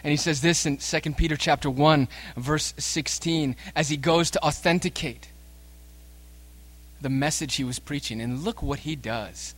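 Emphatic male preacher with dramatic swings. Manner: swings between soft, low, slow stretches and loud, emphatic passages; emphatic and direct, addresses listeners as sinners. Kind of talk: sermon.

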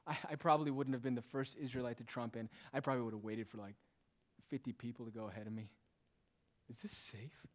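A man preaches at a quick pace, his voice medium in pitch and steady in tone. As he explains the text, he asks rhetorical questions and drops in casual asides, speaking emphatically and moving between loud and soft.

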